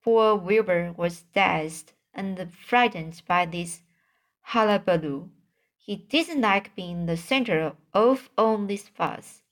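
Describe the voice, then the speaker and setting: A woman narrating a children's storybook at an unhurried, deliberate pace. Her reading is careful and plain, with the odd stumble where she goes back and restarts a word. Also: mid-range voice. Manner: slow, careful reading with occasional slips and restarts. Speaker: audiobook reader.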